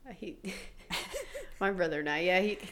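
A woman's voice: mid-range voice, huge pitch swings, measured pace, slight background noise. A young adult woman with a West Virginian accent, co-hosting a casual podcast, chatty and giggly as she tells loose stories. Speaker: podcast co-host.

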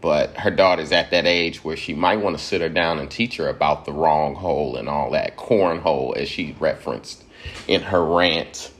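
A man's voice: very deep voice, normal speed. A man from Georgia, giving a loose, profane commentary monologue and laughing at his own points.

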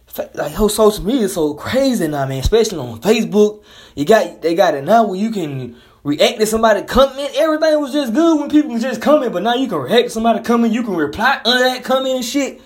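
A man's voice: sits high, expressive, fast talker. A man delivering a blunt, profane, heated casual monologue as a commentator.

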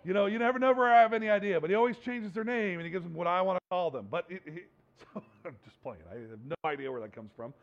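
Male pastor, high-pitched, talks a sermon like a chat, leans in hard on key lines; slightly muffled sound. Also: fast. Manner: conversational, animated, rising to emphatic preaching. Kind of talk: casual sermon.

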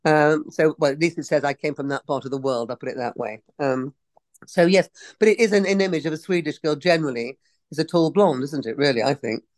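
A woman's voice: deep voice, a little fast, a little mellow, no echo. A woman in her sixties from England, an actress chatting casually in an interview, digressing often and laughing easily. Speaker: actress guest.

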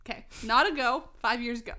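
A woman co-hosting a podcast, reading bad fan fiction aloud haltingly, stumbling over the grammar and breaking into giggling fits. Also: fairly high pitch, sharp tone. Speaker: podcast co-host.

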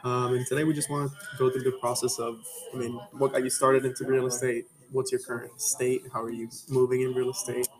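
A male podcast co-host with a mid-pitched, flat voice asks his guest laid-back questions. The chatter of a coffee shop crowd is clear behind him. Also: brisk, hardly any pauses. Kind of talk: podcast chat. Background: café crowd.

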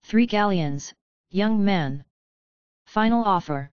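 A woman's voice: mid-range voice, lively intonation, takes it slowly, no room sound. A woman voicing a hungry young female hag who bargains and pleads, with a wheedling manner. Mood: coaxing. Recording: slightly dull, dry studio sound.

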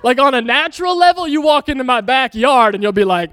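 A male pastor delivers a sermon with a high, smooth, resonant voice. He talks in a lively, joking, conversational way and calls out to the congregation. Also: quick pace, big-room sound. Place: church.

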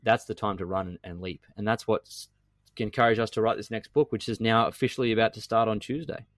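A middle-aged man with a low-pitched voice speaks as a podcast guest. He talks emphatically and repeats phrases for effect. The sound is dry and close, with no room around it. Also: a little fast, dry recording. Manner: emphatic, animated, repeats himself. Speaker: guest entrepreneur. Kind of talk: podcast conversation.

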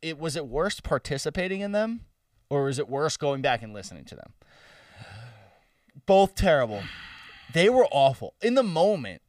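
A man's voice: fairly high pitch, very animated, normal speed, long pauses, a little mellow, no room sound, clean studio sound, recorded from a distance. A young man co-hosting a podcast, talking in a casual, crude and teasing way. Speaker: podcast co-host. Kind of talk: casual chat.

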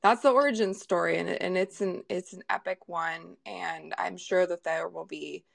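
A woman's voice: fairly low pitch, normal speed, vocal fry, dry recording, studio quality. A young adult woman hosting a podcast in casual chat, laughing often and restarting her sentences. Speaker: podcast host.

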